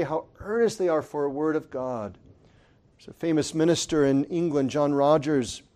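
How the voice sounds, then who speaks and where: A man's voice: a little high, mellow. A male preacher delivering a sermon to his congregation, earnest and rising to impassioned emphasis, calling them brethren.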